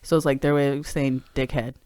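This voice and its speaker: A woman's voice: a bass voice, level tone, brisk, darkish tone, clean tone, no room sound. An American woman co-hosting a podcast, chatting casually, laid-back and giggly, swearing freely. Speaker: podcast co-host. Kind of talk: casual chat.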